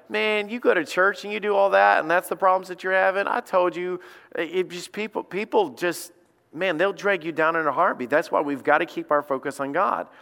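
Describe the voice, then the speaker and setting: A lead pastor with a slightly high, gravelly and fairly bright voice preaches in a church sanctuary. His delivery is conversational, and he performs the quotes he uses. Long hall reverb colors the sound.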